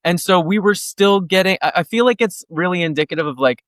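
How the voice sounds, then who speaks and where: This New Jersey musician in his thirties chats as an interview guest, his high-pitched, expressive, fairly bright voice moving a little fast. Rambling and full of "like," he acts out quotes, and there's no echo.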